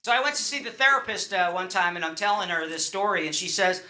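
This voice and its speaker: A man's voice: high-pitched, lively intonation, quick pace, hardly any pauses, sharp tone. A middle-aged man from Long Island performing a stand-up comedy set on a club stage, rambling loosely with fillers and restarts. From Long Island, New York.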